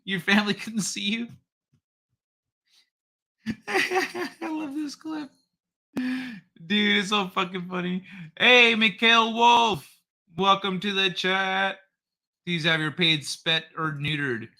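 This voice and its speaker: A man's voice: high voice, takes it slowly, long pauses, sharp tone. A man hosting a casual livestream, reading chat aloud in a loose, profane way and laughing often. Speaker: livestream host.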